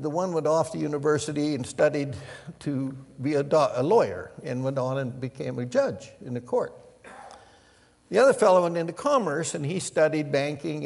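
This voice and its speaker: An older male pastor delivers a sermon with a gravelly, somewhat husky voice. He tells stories, rising to loud emphatic lines and dropping to soft, hushed ones. The sound carries a long reverb from a large hall. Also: medium pitch. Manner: storytelling, swings from loud emphasis to hushed near-whispers.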